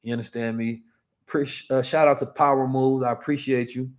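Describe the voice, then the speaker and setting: A man's voice: mid-range voice, steady tone, normal speed. A man hosting a casual finance livestream, reading the chat and often tagging his points with "right?" and "you understand me?". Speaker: livestream host teaching finance.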